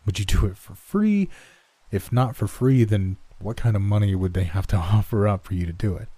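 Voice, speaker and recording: A man who hosts a show, narrating a classic horror story and chatting casually, often pausing to search for words. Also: on the low side, expressive, warm tone, husky, no room sound. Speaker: podcast host, story reader.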